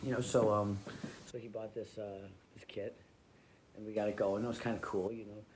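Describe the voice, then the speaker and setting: Man, comic storyteller, lowish voice, rambling and loose, with a clear hiss of noise behind him. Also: flat delivery, normal speed. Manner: loose, rambling, full of fillers and restarts.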